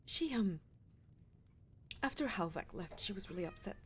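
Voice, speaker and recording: A woman's voice: mid-range voice, animated, normal speed, slight background noise. A woman speaking in character as a town leader in a roleplay, hesitant and stammering, often trailing off.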